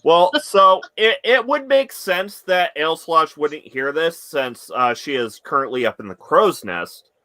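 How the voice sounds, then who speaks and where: A man's voice: fairly high pitch, animated, unhurried, bright, forceful tone, no echo. A man narrating as dungeon master, hesitant and full of fillers. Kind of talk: narrating a tabletop game.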